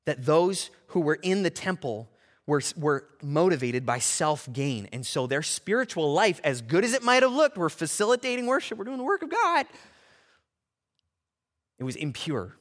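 A male pastor preaching a sermon, animated and full of rhetorical questions. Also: high voice, long reverb tail.

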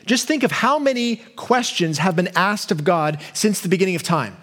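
A pastor with a high, light voice delivers a sermon. He is earnest and grows animated when he acts out imagined questions to God. He drops quiet and low for his key points. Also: moderate pace.

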